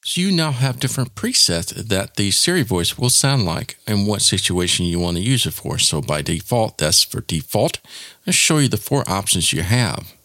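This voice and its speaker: A man hosting a casual software tutorial, explaining each step in an informal, demonstrative way. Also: on the low side, very animated, moderate pace, no room sound. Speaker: tech tutorial host.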